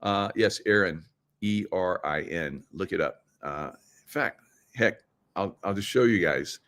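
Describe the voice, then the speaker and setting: A man's voice: low voice, unhurried, fairly bright tone. A middle-aged man hosting a live chat to viewers, rambling and conspiratorial, laughing often as he talks. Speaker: livestream host. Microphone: computer mic, screen sharing.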